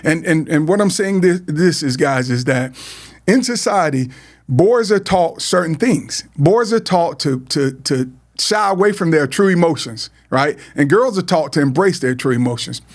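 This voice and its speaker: A middle-aged man talks in an earnest, heartfelt way, as a podcast host sharing his own story. His voice sits a little high for a man. He often stumbles, repeats words and restarts his sentences. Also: expressive, moderate pace. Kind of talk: heartfelt personal talk.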